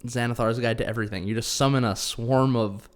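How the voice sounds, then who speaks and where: A man's voice: mid-range voice, steady tone, a little fast. Laid-back man hosting a gaming podcast. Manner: easygoing, swears and laughs along. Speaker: podcast host. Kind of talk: casual chat about tabletop games.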